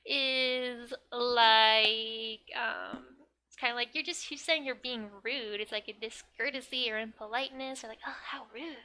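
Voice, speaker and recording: A woman walks through a comic page in a relaxed, unhurried lesson, her voice a little high and bright. She talks in a chatty way, fills gaps with "like," and laughs often. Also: a little hiss or hum. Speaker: Japanese teacher. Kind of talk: casual manga lesson.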